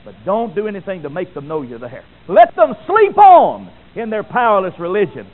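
A man preaching voices the devil, a sly male figure hushing his demons in a quiet, conspiratorial tone, on a tinny recording. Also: sits high, huge pitch swings, normal speed. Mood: hushed, sly. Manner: hushed, conspiratorial.

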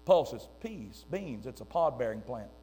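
An older man preaching a sermon, emphatic and swinging between loud and hushed delivery. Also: medium pitch, very animated, normal speed.

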